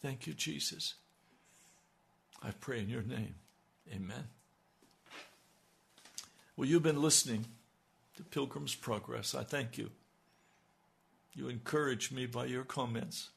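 A man's voice: mid-range voice, takes it slowly, gravelly, pauses often, fairly bright tone. A man preaching on the radio, praying fervently with rising, pleading cries. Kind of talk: impassioned radio prayer.

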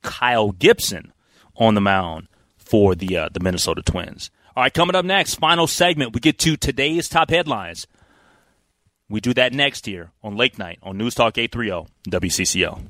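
A man hosting a talk radio show, recapping a baseball game in an energetic, chatty way with quick asides. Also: fairly low pitch, no room sound. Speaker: sports talk radio host. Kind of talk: casual radio sports recap. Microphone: studio microphone.

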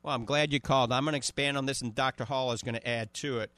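A man in his fifties with a New Orleans accent, hosting a radio call-in show and pitching a supplement, often checking in with "okay?". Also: fairly even intonation, quick pace, a bit bright, dry recording. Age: 50s. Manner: salesy, repeats "okay?" and "all right?" to the listener. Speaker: radio host selling supplements.

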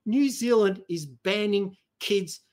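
An Australian man hosting a heated political chat, blunt and profane, with sharp leaps up in pitch when he gets emphatic. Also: slow. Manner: blunt, profane, ranting with sudden high emphatic jumps.

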